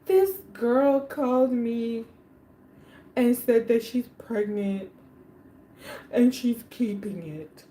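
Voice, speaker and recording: A sheepish young man hedges and mumbles his way through a confession, quoted by a woman telling a story. His delivery sounds quiet and unsure. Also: on the high side, expressive, slow, pauses often, a little hiss or hum. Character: hesitant young man confessing bad news.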